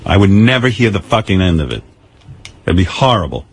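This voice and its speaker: Low, animated, husky male radio host. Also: fairly quick. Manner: animated, self-mocking, swears casually. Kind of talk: casual radio banter.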